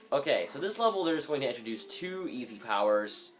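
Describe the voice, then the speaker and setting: A man's voice: on the low side, lively intonation, a little fast, hardly any pauses, slight background noise. A man giving rambling, jokey commentary over a video game, sometimes in a mock-businesslike tone, recorded on a phone microphone. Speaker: let's play gamer. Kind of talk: casual gameplay commentary.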